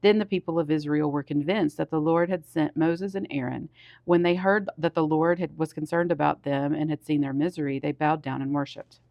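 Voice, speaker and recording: A man, a pastor, reading scripture aloud steadily with small restarts, and getting louder on the commands. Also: on the high side, steady tone, fairly quick, creaky, no echo, highs cut off.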